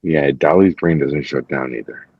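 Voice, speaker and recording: Low-voiced man telling a story animatedly. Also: normal speed, no echo, phone-quality sound. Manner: animated storytelling, acting out quotes, frequent swearing. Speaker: podcast host. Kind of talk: casual chat.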